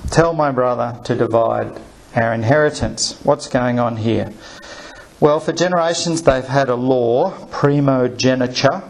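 A man's voice: mid-range voice, creaky, darkish tone, rough recording. A man preaching a conversational sermon, asking the congregation rhetorical questions with light humor.

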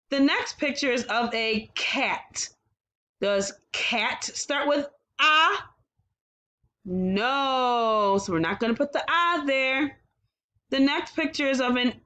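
A woman teaching a phonics lesson to young children, sounding out letters slowly and praising them often. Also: sits high, pushed and bright. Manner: slow, encouraging, sounds out letters. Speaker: kindergarten teacher.

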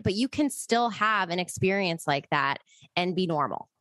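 A woman's voice: lowish voice, animated, moderate pace, a bit bright, dry recording, studio quality. A woman co-hosting a podcast, speaking in a reassuring, supportive way in casual chat. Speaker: podcast co-host.

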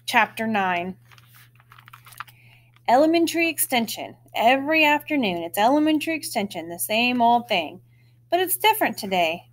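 A woman reading a children's chapter book aloud, with expressive storytelling and lively lifts in her voice. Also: on the high side, normal speed.

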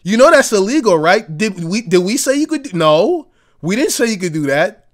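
A man putting on the voice of a panicky, scolding male insurance agent who stammers as he yells. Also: high-pitched, sing-song, normal speed. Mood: frantic, indignant.

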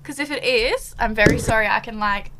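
A woman's voice: fairly high pitch, brisk, background noise. A woman chatting casually on a live stream, bubbly and giggly, full of fillers, a little out of breath.

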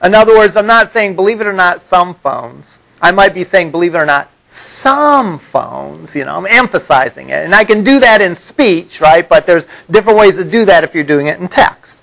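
A man's voice: sits high, lively intonation, brisk, gravelly, hardly any pauses, fairly bright tone, poor audio. A man teaching a college web development class, explaining patiently and often checking in with "all right?". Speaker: college instructor. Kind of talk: classroom lecture.

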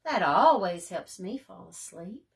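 A woman voicing a helpful female sheep who gives bedtime advice in a bright, matter-of-fact tone. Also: fairly low pitch, expressive, measured pace, gravelly. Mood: advising.

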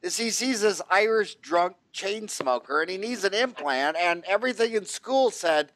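A man's voice: sits high, expressive, normal speed, fairly bright tone, a little hiss or hum. A man hosting a podcast interview, asking brash, rambling, jokey questions. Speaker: podcast host. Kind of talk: casual interview. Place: Phoenix.

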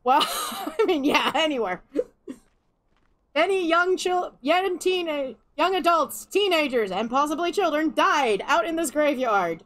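High, lively sarcastic woman streamer. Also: unhurried. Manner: sarcastic, swears freely, laughs often. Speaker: let's play streamer. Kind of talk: casual gameplay commentary.

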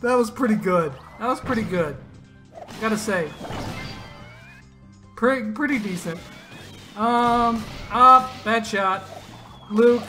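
A man giving casual, excitable commentary on his own mobile game matches, teasing opponents and laughing at big plays. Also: high voice, slow, long pauses, over music. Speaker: gaming YouTuber. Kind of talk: gameplay commentary.

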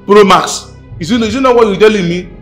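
A man's voice: high-pitched, fairly quick, faint music behind, natural voice. An actor playing a flashy rich man who boasts about money, with a Nigerian accent and a habit of repeating himself. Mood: boastful. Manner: boastful, repeats words, pidgin-flavored English. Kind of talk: film acting.

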